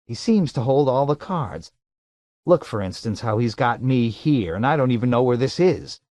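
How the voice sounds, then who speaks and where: Male reader as a harried businessman, pushy and irritable, a little above his own pitch, dry close sound. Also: lively intonation, normal speed, a little mellow, no room sound, close to an everyday voice. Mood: worried. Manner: pressing, irritable. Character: harried middle-aged businessman, impatient.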